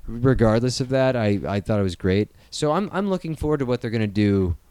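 A man's voice: mid-range voice, fairly quick, clean tone, dry recording. A young man hosting a podcast, talking casually and rambling through stories with plenty of swearing. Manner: profane, rambling, animated storytelling. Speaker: podcast host. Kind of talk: casual chat.

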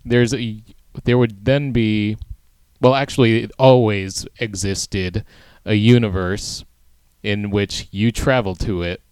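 A man in casual chat, patiently explaining ideas in halting restarts. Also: on the low side, steady tone, darkish tone, smooth, no room sound.

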